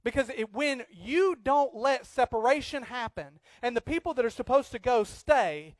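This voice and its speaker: A man preaching a sermon as pastor, swinging from loud acted outbursts to quiet earnest talk. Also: extremely high pitch, animated, normal speed, no echo.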